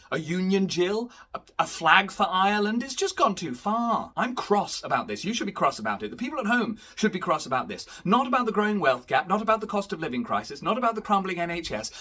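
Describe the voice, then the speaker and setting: A man's voice: on the high side, a bit bright, breathy edge, voice pushed up, full character voice. A man playing an indignant male right-wing politician, ranting and easily outraged.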